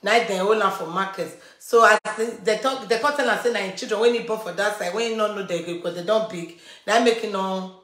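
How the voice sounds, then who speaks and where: Woman with a Nigerian Pidgin accent, bright tone. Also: mid-range voice, fairly quick. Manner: repetitive, emphatic retelling. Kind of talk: personal storytelling. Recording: echoey room.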